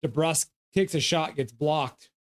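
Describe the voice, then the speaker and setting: A man with a somewhat high voice hosts a casual live stream. He reads out viewer comments and calls the plays loosely as they happen. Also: measured pace. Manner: gives loose play-by-play; coos at his dog. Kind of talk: casual live game reaction and chat reading.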